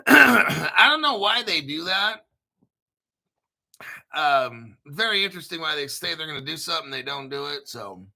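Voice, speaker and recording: An American man hosting a casual commentary, brash and profane, joking around and often clearing his throat. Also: a little high, very animated, a little slow, pauses often, pushed and bright. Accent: General American. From United States. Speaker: crypto video host. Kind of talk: casual commentary reading articles.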